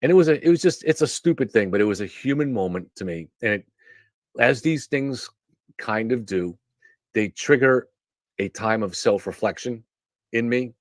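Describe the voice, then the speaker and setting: A man's voice: medium pitch, lively intonation, moderate pace, no echo, studio quality. A man hosting a live stream, telling a long personal story in a rambling way, often restarting his sentences. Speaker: show host. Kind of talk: casual monologue on a live stream.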